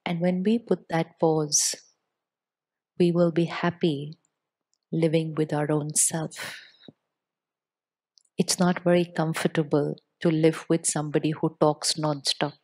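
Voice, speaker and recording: A woman giving a spiritual talk to a live audience, speaking with deliberate pauses and putting questions to the listeners. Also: low voice, flat delivery, dark tone.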